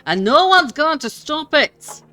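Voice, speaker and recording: Gruff, grumbling male dwarf with a put-on accent, pitched high and bright, as a woman voices him; bitter, sharp-tongued. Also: very animated, moderate pace, faint music behind. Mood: rousing.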